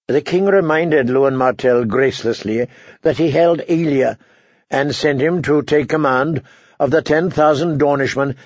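A man with a gravelly voice narrating an audiobook in an even, measured reading. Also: mid-range voice, no echo. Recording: dull dry lo-fi recording.

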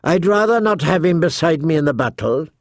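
A man reading as a sardonic dwarf lord from a fantasy story, his voice raised and gravelly with a dry, close sound. He is quick with wit and barks orders when rushed. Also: a little high, animated, dry recording. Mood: wry. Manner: dry, barking, impatient. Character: sardonic dwarf lord, sharp-tongued and commanding.

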